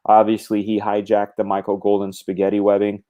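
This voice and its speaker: A man's voice: lowish voice, monotone, a little fast, lo-fi sound. A middle-aged man in casual conversation, animatedly explaining drawing craft with gestures and quoted thoughts. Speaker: comic book artist guest.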